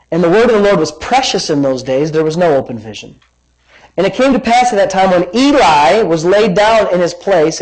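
A man preaching a sermon as pastor, reading scripture with lively emphasis and wandering into personal asides. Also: fairly high pitch, low-quality recording. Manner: animated, dramatic scripture reading with rising emphasis; rambling asides and self-corrections.

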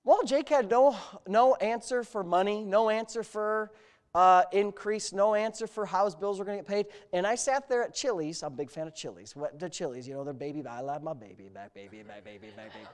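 A man preaching a sermon as pastor, moving between quiet storytelling asides and loud, fervent exclamations. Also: high voice, moderate pace, clear, resonant tone. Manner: storytelling with humor.

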